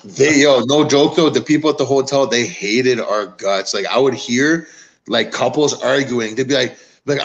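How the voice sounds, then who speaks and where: Regular-pitched dude rambling, says like and you know a lot, swears constantly. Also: male voice, brisk. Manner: rambling, swearing, lots of fillers. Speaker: podcast host. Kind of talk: casual chat.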